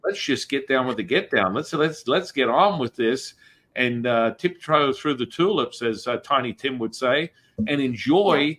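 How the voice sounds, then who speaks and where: A man's voice: medium pitch, lively intonation, moderate pace, fairly bright tone. A man hosting a podcast, talking in a meandering, reflective way about spiritual ideas. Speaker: podcast host. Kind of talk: spiritual conversation.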